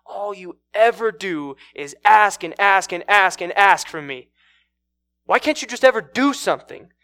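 A man voicing an angry, controlling man who shouts harsh insults at his partner. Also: medium pitch, fast, husky, pitched below the performer's own voice. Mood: angry shouting.

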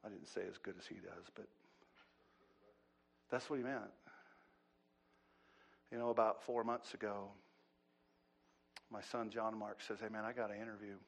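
A middle-aged man preaching a sermon as pastor, swinging from loud, animated bursts to quiet asides. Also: lowish voice, normal speed, creaky, pauses often.

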